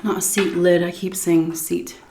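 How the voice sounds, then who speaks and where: A woman food vlogger telling a story while eating, animated, dropping to muttered asides and swearing casually. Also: on the low side, a little hiss or hum. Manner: pauses for chewing and stomach noises while talking.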